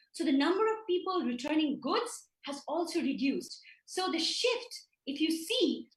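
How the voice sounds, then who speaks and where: A woman's voice: high-pitched, far from the mic. A woman giving an emphatic business presentation over a video call, walking through her slides. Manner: emphatic, with some restarts. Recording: roomy, from off the mic.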